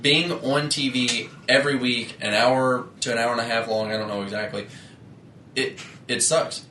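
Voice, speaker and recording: A man's voice: mid-range voice, steady tone, normal speed, bright, forceful tone, reverberant, a little hiss or hum. A man co-hosting a casual podcast chat, agreeable and full of fillers. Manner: agreeable, many fillers like "like" and "yeah". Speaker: podcast co-host.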